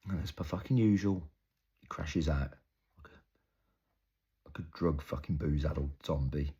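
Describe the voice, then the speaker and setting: A young man performing an intense, halting, improvised dramatic monologue. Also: extremely low pitch, warm tone, husky, dull audio. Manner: intense, halting, storytelling with heavy swearing. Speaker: actor.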